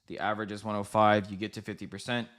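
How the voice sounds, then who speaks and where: A man hosting a live trading stream, giving quick, rambling market commentary, correcting himself and talking straight to his viewers. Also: fairly low pitch, level tone, fairly bright tone. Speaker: livestream trading host.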